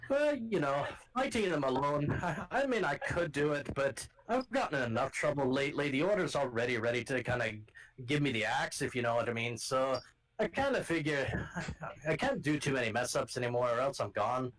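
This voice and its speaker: A man's voice: medium pitch, lively intonation, a little fast, a bit bright, natural voice, poor audio. A man voicing a chatty adventurer, putting on a blended Scottish and Irish accent and rambling in a folksy way. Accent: put-on mix of Scottish and Irish. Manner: rambling, folksy, calls people lass. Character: chatty male adventurer with a put-on brogue.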